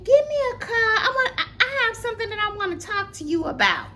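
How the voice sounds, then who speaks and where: A woman mimicking a fake-innocent adult woman who bullied her, in a high, sing-song, syrupy voice. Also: very animated, brisk, pushed and bright, exaggerated voice. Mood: fake sweet.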